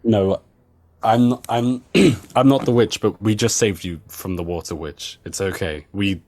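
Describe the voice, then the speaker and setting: Here a tabletop RPG player speaks in a lowish, slightly mellow voice at a measured pace. He stumbles through his character's actions, restarting often and leaning on fillers.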